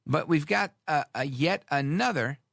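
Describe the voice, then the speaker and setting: A man's voice: on the high side, normal speed, creaky, no echo, clean studio sound. A man hosting a talk radio show, delivering a sarcastic, rambling monologue full of asides. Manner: sarcastic, animated, drifts into asides.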